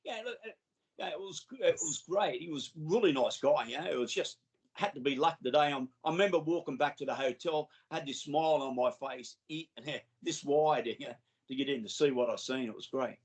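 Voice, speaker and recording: A man's voice: on the high side, a little fast, rough recording. An Australian man, a guest on an interview show, telling enthusiastic, rambling stories with many restarts. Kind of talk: casual interview storytelling.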